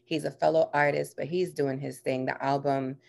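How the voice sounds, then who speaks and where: Low gravelly woman, excitable podcast co-host, laughs a lot. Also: moderate pace. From US Virgin Islands. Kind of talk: casual podcast chat.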